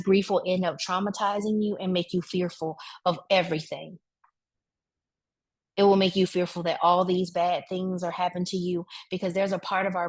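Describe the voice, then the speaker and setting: Speaking at a wellness event, a woman with a lowish voice gives a conversational, preacher-like talk about grief. She addresses the crowd directly in relaxed, colloquial language.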